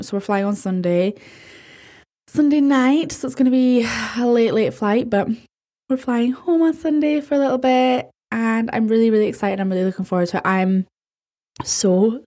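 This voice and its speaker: A Scottish woman hosting a podcast, chatting in a bubbly, rambling, excitable way. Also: medium pitch. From Scotland. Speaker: podcast host. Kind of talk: casual chat.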